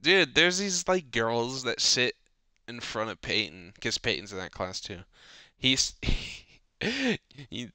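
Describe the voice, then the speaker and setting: Speaking slowly in a mid-range male voice with a sharp tone, a teenage boy rants at length about school on his casual podcast. The story rambles and is laced with profanity, and there's no echo.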